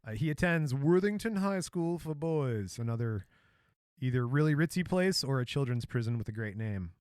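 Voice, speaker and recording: A man's voice: medium pitch, expressive, moderate pace, a little mellow, clean tone, no echo. Man from Michigan, joking podcast co-host, dry close sound. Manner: joking, storytelling, laughs often. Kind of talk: casual podcast chat.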